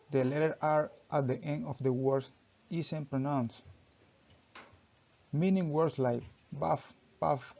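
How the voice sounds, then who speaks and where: A young man reading a class presentation aloud, halting and often restarting his sentences with "so", in a dull lo-fi recording. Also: fairly high pitch, gravelly, darkish tone. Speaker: student presenter.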